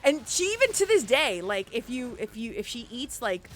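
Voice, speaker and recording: A young woman who lived in Puerto Rico, telling rambling, profane stories on a casual game live stream and getting worked up and loud. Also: a little high, very animated, moderate pace, slight background noise.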